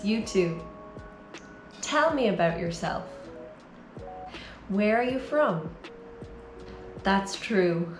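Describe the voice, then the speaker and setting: Slow, clear Irish woman teaching English. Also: mid-range voice, roomy sound. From Ireland. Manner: slow, careful, encouraging delivery. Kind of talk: slow, clear beginner language lesson.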